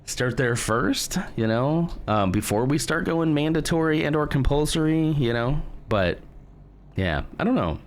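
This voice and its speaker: An American man streaming a video game, chatting casually with viewers and thinking out loud in a hesitant, musing way. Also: a little high, lively intonation, moderate pace. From United States. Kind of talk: casual live-stream chat while gaming.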